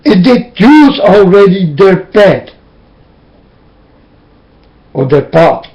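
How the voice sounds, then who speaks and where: A man's voice: high-pitched, sing-song, drawn-out words, a little mellow. A man giving an emotional religious monologue from his room, pleading and preaching as his voice keeps breaking into tears. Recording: dull lo-fi recording.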